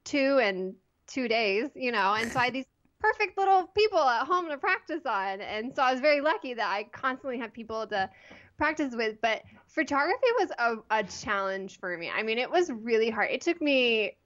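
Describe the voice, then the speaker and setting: A woman in her thirties, a podcast guest telling a personal story in a chatty, animated way with lots of "like". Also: fairly high pitch, normal speed, dull audio. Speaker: guest, photography blogger. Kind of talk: casual interview storytelling.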